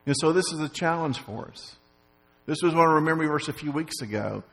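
Male pastor, higher-pitched voice, halting sermon delivery with repeats and fillers, long hall reverb. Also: lively intonation, fairly bright tone. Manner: many repeated words and fillers, rising to emphasis.

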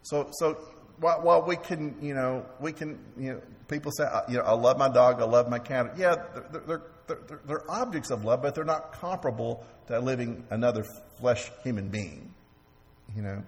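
Guy preaching in a church, mid-pitched voice, stops and repeats himself a lot, long echo off the hall. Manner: halting, repeats words, asks the congregation questions. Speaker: pastor. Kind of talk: sermon. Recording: long reverb of a large hall.

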